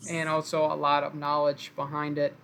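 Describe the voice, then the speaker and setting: A man's voice: a little high, monotone, moderate pace, creaky, fairly bright tone, clear, resonant tone. A man hosting a live stream, casually announcing picks and thanking viewers over an online call. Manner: upbeat play-by-play, thanks viewers. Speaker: host announcing draft picks.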